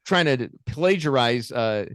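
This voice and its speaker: A man's voice: mid-range voice, lively intonation, takes it slowly, a bit bright, clean tone, no room sound, studio quality. An older man co-hosting a casual political chat show, sarcastic and joking. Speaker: co-host.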